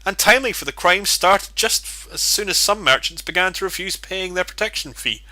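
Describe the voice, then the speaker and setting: A man's voice: sits high, lively intonation, a little fast, bright, forceful tone, no room sound, exaggerated voice. A man voicing a sly, sarcastic bard who speaks in mock-archaic English with dry irony. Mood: sardonic. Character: sly, sarcastic male bard, theatrical and boastful.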